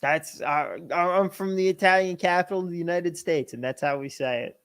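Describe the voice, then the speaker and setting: A man from New Jersey with a New Jersey accent, co-hosting a casual livestream and telling stories in a joking, animated way. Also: high-pitched, normal speed, clean tone. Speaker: co-host.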